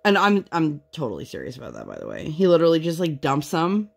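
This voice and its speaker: A woman's voice: low voice, very animated, fast talker, vocal fry, breathy edge. A woman in her thirties chatting casually at home while she works on a craft project, telling candid stories and now and then putting on voices when she quotes people. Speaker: craft vlogger.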